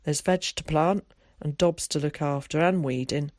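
A man's voice: on the high side, moderate pace, darkish tone, no room sound, clean studio sound, close to an everyday voice. A narrator voicing an irritable old countryman who talks in a curt, blunt rural way. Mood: gruff. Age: older.

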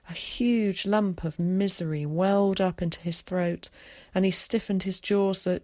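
A woman narrating an audiobook chapter in a measured, expressive storytelling voice. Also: lowish voice, gravelly, no room sound. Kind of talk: scripted narration.

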